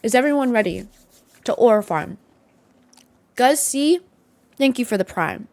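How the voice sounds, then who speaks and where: A woman's voice: animated, a little slow, a little mellow, dry recording. A young woman hosting a casual live stream from her desktop setup, bubbly and full of hype. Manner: bubbly, hype, high-energy. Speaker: livestream host.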